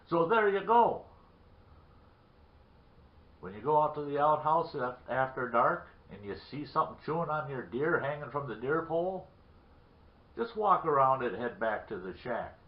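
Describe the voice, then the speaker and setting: A man's voice: medium pitch, expressive, moderate pace. A man telling a folksy story from his boyhood in a rambling, repeating way. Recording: roomy lo-fi recording.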